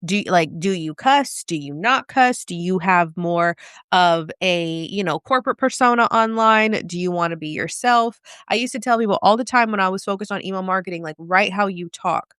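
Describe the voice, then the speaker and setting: Direct, smooth-voiced woman coaching live. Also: medium pitch, normal speed, a bit bright, no room sound, studio quality. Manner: casual, direct, asks many questions. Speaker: business coach. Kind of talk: live video coaching talk.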